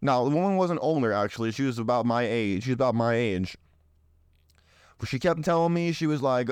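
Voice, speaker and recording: Reading a dating list on his show, a young man delivers provocative, blunt remarks and mimics others in mocking voices. This podcast host speaks at a medium pitch and normal speed, animated yet a little mellow, with a clean tone and no echo.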